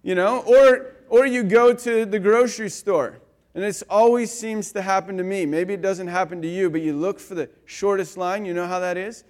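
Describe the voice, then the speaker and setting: A male pastor giving a conversational sermon, telling stories with lively swings between loud and quiet and filling his talk with "like" and "you know.". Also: high voice, normal speed. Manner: animated storyteller, swinging between loud and soft; casual, with frequent "like" and "you know".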